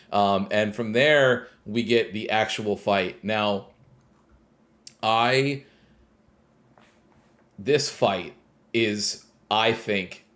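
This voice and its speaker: Low-voiced man recapping a game. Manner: retells scenes at length, relaxed and rambling. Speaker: podcast co-host. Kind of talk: casual game discussion.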